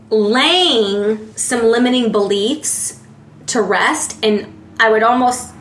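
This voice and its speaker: A woman's voice: fairly high pitch, fairly bright tone, slight background noise. A woman giving a casual tarot reading in a chatty way, often filling with "like" and searching for words. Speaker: tarot reader. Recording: roomy echo.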